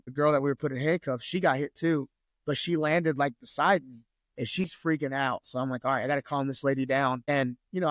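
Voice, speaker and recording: A man's voice: mid-range voice, no echo, clean studio sound. A man, a podcast guest telling a story in loose casual talk full of swearing and fillers. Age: 30s. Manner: loose, profane, lots of "like".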